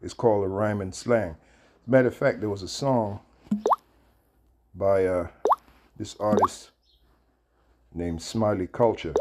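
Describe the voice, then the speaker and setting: A man in his fifties hosting a video, chatting and reading aloud in a halting way with many fillers and restarts. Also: on the low side, very noisy. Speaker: video host. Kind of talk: casual commentary and reading aloud.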